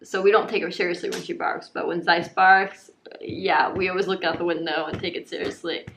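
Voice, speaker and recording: A woman's voice: level tone, brisk, gravelly, fairly bright tone, slight background noise. Chatty woman vlogging in an echoey room. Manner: chatty, rambling with many fillers; high baby-talk when cooing to her dogs. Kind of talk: casual vlog talk.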